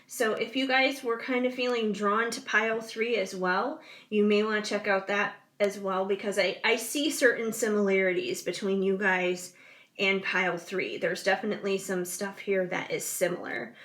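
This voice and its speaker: A woman's voice: on the high side, fairly bright tone. Woman doing a casual tarot reading for her viewers, rambly and chatty, lots of ums, yawning here and there. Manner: chatty, rambling, many fillers. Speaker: tarot reader.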